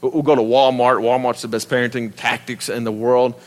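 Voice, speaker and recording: A man in his thirties with a Southern US accent, preaching a sermon in an animated, emphatic and conversational way. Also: mid-range voice, brisk, in a large hall. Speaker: pastor.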